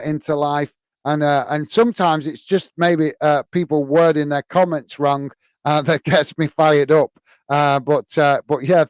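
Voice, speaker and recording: A man's voice: on the high side, smooth, dry recording. A man from the UK hosting a live football watch-along, reading viewer comments in a hesitant, friendly way with lots of fillers and calling people mate.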